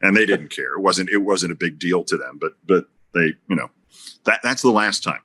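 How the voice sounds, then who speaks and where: Low-voiced guy telling a story on a podcast, animated, voice swinging up and down as he acts out bits. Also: moderate pace, slightly rough. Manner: animated storyteller with big pitch swings and acted-out quotes. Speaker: guest broadcaster.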